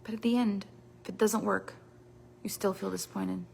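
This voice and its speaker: A woman giving a motivational coaching talk, emphatic and repetitive, dropping to quiet asides and rising again. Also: medium pitch, fairly even intonation, normal speed, creaky, slightly rough. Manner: emphatic, repetitive, dramatic shifts in loudness. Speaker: business coach. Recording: long reverb of a hall.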